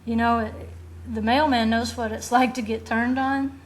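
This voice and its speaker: A woman preaches with a fairly high voice. She is earnest and direct, and she poses rhetorical questions to her listeners. She acts out quoted lines as part of her teaching. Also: fairly even intonation, normal speed. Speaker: Bible teacher. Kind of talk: sermon.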